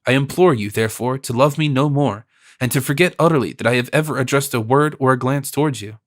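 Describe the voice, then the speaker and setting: A man reading an audiobook, voicing a composed, gentle noble princess in a measured, lightly raised voice. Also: medium pitch, natural voice. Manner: gentle, measured, softly teasing.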